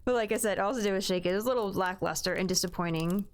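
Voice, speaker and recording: A woman's voice: mid-range voice, very fast. A woman giving a casual spoken review of a haunted attraction, talking in a rambling, hesitant way with frequent restarts.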